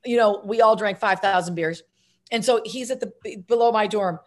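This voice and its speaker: Lively, self-mocking middle-aged woman storyteller. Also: mid-range voice, normal speed. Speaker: actress and filmmaker, guest. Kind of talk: casual interview storytelling.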